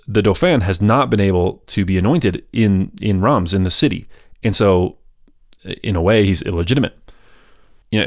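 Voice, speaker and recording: A man's voice: on the low side, dry recording, studio quality. A man hosting a history podcast, telling the story casually with jokey asides and restarts. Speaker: podcast host.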